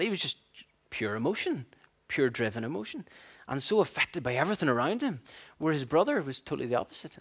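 A man preaching a sermon, animated and storytelling, acting out voices and laughing at his own stories. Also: medium pitch, husky.

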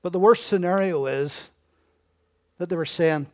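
A man preaching a sermon, asking his listeners rhetorical questions and swinging between hushed and emphatic delivery. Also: sits high, a little slow.

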